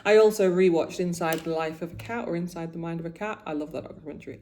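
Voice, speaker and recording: A woman's voice: on the low side, fast talker, a little mellow. A woman in her forties chatting casually about her week while doing her make-up, getting emotional and often trailing off and restarting. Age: 40s. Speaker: vlogger.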